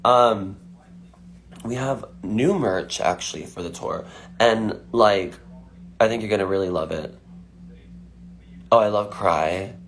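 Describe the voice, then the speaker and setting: A man's voice: lowish voice, slow, pauses often, slight background noise. A man chatting casually on a phone livestream, answering fan questions with lots of fillers. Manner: chatty, filler-heavy, frequent "like".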